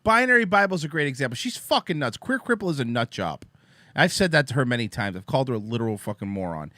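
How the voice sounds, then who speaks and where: A man's voice: medium pitch, very animated, fast, sharp tone, no room sound. A man hosting a casual chat show, talking bluntly and profanely and lecturing. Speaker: host.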